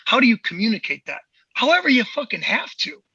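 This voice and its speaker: A man with a high, very bright and husky voice, talking bluntly and with a lot of swearing on a casual podcast. The sound is dry and a little dull. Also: very animated, a little fast, no room sound. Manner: blunt, profane, heated and emphatic. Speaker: podcast host, movement coach.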